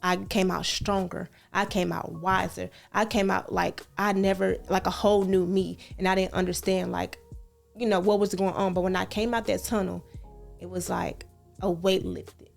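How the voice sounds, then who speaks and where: A woman talking earnestly on a podcast, repeating phrases and reassuring the listener, with animated storytelling. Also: medium pitch, moderate pace, gravelly, faint music behind. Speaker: podcast co-host. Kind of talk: casual heartfelt podcast chat.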